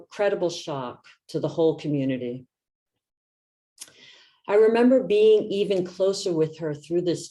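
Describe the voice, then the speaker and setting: A woman in her fifties, a meditation teacher, giving a reflective talk in a gentle, soft-spoken way. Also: low-pitched.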